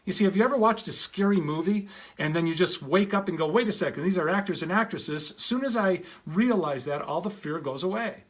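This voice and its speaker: A man's voice: lively intonation, brisk, few pauses. A middle-aged man giving an earnest motivational talk, telling stories and acting out quoted lines of dialogue. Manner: earnest, shifts pitch to act out quoted dialogue. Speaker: speaker.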